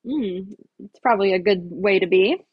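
A woman co-hosting a podcast who answers with short, drawn-out reactions. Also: mid-range voice, breathy edge, highs cut off. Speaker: podcast co-host. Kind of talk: casual chat reactions.

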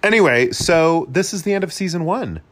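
A man in his forties cohosting a podcast, chatting casually and joking around. His pitch swings widely as he talks, and he keeps the tone playful. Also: animated, a little fast. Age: 40s. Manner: joking, playful, trying on silly accents. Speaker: podcast co-host. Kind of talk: casual chat.

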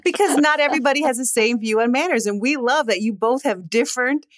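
A woman's voice: high voice, fast, dry recording, studio quality. A woman from Minnesota, co-hosting a podcast in an upbeat, chatty manner. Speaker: co-host. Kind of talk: casual podcast chat.

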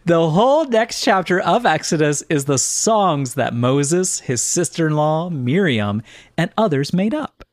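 A man co-hosting a podcast, chatty and quick to laugh, earnest when giving announcements. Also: on the high side, sing-song, dry recording, clean studio sound. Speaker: podcast co-host. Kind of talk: casual podcast chat.

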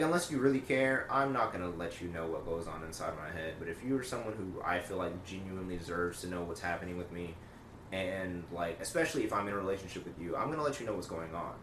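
A young man chatting in a relaxed, filler-heavy way in a casual podcast. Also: low voice. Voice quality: laid-back, filler-heavy. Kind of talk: casual chat. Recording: echoey room, distant mic, noise.

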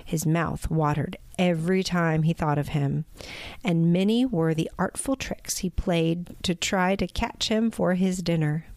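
A woman reading a storybook aloud in a measured, expressive way. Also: lowish voice, no room sound. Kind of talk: scripted storybook narration.

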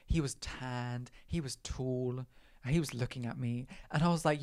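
A man hosts his own podcast and tells a story in a chatty, theatrical way, acting out his own past lines as he goes. His voice sits at an ordinary middle pitch, and the recording is close and dry with no room sound. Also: fairly even intonation, unhurried, smooth, no room sound. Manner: chatty and dramatic, with quoted asides and swearing. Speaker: podcast host telling a personal story. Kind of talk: casual storytelling monologue.

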